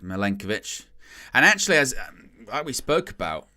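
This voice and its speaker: A man giving casual, chatty live commentary on a football match, wry and sometimes bursting into loud excitement. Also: mid-range voice, normal speed.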